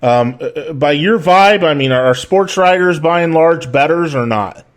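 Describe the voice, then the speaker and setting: A man's voice: a little high, animated, normal speed. A man hosting a casual chat, telling stories in a rambling, profane way with many restarts and fillers. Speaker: podcast host.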